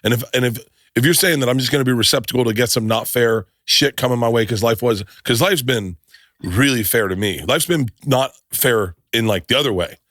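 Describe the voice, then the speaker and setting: Middle-aged dude hosting a podcast, talks fast and swears a lot, stumbles and restarts, dead dry sound. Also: male voice, medium pitch, no echo. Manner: energetic, swearing, storytelling with quick restarts. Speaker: podcast host. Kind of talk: casual chat.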